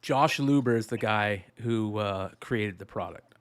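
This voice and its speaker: A man's voice: on the low side, measured pace. A man hosting a casual podcast chat, talking in a loose, rambling way. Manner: rambling, plain-spoken. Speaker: podcast host.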